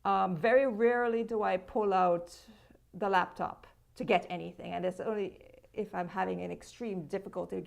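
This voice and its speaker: A woman's voice: medium pitch, fast talker, creaky. A woman with a Jamaican accent in casual, emphatic conversation, often restarting her words. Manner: emphatic, animated, repeats words when restarting. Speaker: content creator.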